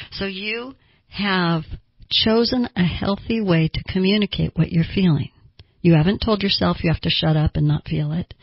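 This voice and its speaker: Casting: woman therapist, husky, calm explainer, dry dull recording. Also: lowish voice, no room sound. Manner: calm, explanatory, uses homely examples. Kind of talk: podcast teaching on emotions.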